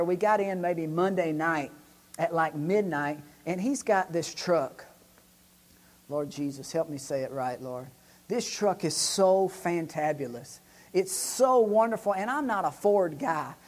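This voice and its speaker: Excitable man telling stories. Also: high-pitched, normal speed. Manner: excitable, animated storyteller. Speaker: church staff member and show regular. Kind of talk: casual storytelling chat.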